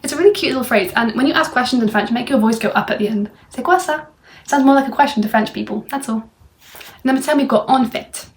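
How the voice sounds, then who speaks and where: A woman's voice: a little high, fast talker, a little hiss or hum. A young woman from England giving a casual French phrase lesson, chatty and full of fillers. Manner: chatty, many fillers like "like" and "you know". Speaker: French tutor. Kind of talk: casual language lesson video.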